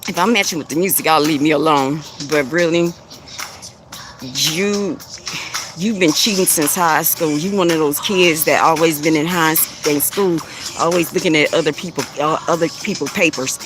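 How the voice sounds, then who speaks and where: A man's voice: on the high side, normal speed, over music. A man hosting a live stream with speech, bluntly taunting commenters, laughing often and repeating himself. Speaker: live stream host giving spiritual readings. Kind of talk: casual live-stream talk addressing commenters.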